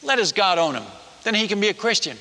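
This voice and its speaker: A man voicing a sharp-witted village man who reasons with an angry crowd, inside a retold story. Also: high voice, big pitch swings, quick pace, full character voice. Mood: persuasive. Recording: long hall reverb.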